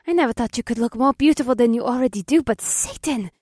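A woman's voice: on the high side, fast talker, a little mellow, dry recording, studio quality, natural voice. A woman voicing a brash, foul-mouthed young woman witch in an audiobook, speaking boldly. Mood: admiring. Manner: bold and profane. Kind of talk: audiobook character voice.

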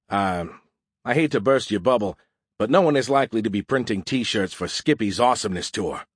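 A man's voice: on the low side, fairly quick, breathy edge, dry recording. A man narrating a story in the first person with a wry, dry delivery. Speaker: audiobook narrator.

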